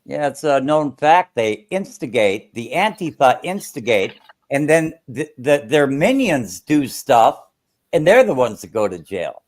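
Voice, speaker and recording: A man's voice: mid-range voice, big pitch swings, measured pace, darkish tone. A man calling into a stream, talking bluntly and crudely in casual chat.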